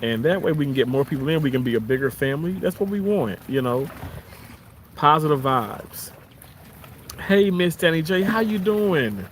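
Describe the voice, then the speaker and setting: Sitting outside by the water, a man with a Southern U.S. accent hosts a casual live stream, reading chat and thanking viewers one by one. His voice sits slightly high and is expressive at a normal speed, warm, grateful, easygoing and quick to chuckle, with faint outdoor noise humming underneath.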